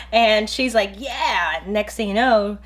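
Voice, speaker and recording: A woman's voice: mid-range voice, steady tone, takes it slowly. A woman co-hosting a casual talk show, playful and laughing as she acts out quoted lines in her stories. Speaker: podcast co-host. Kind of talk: casual chat.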